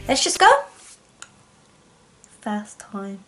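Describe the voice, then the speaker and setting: A young woman reacting on her vlog, excitable and rambling, often gasping. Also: mid-range voice, very slow. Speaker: music reaction YouTuber. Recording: faint music playing behind. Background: faint music.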